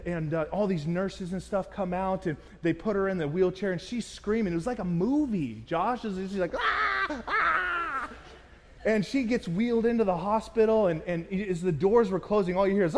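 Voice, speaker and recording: A man preaching a sermon as pastor, telling a personal story in an animated way and acting out the voices of the people in it. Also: high-pitched, big-room sound, a little hiss or hum. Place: church.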